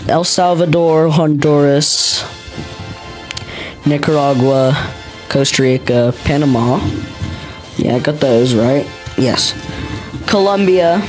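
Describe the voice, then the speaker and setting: A man's voice: a little high, poor audio. A man from the United States talking casually as he names countries on a map, unsure and thinking aloud, often repeating names to himself. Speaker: geography vlogger. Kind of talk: casual commentary while labeling a map.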